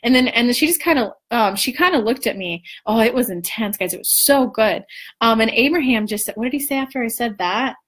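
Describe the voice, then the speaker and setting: A woman in her thirties telling a personal story to her viewers in a casual, animated way, swearing freely and acting out what people said. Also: a little high, a little fast. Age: 30s. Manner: animated, swearing, acts out quoted dialogue. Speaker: spiritual coach and vlogger.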